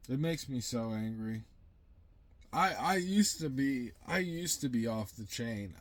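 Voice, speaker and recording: A young man venting in a blunt, profane, rambling monologue to camera. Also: medium pitch. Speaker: vlogger.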